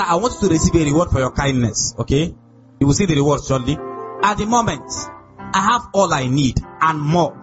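High-voiced preaching pastor, lo-fi. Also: male voice. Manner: emphatic, asks the congregation questions. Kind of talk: sermon.

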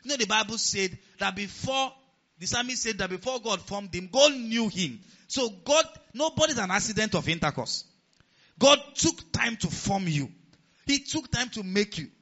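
A man preaching a sermon as pastor of a church, animated and rising to near-shouts. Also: high-pitched, normal speed. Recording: dull lo-fi sound.

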